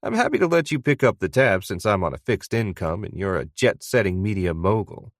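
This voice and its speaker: A man's voice: on the low side, big pitch swings, brisk, no echo, studio quality. A man voicing an older retired newspaper veteran who talks in a sardonic, ribbing way, in an audiobook.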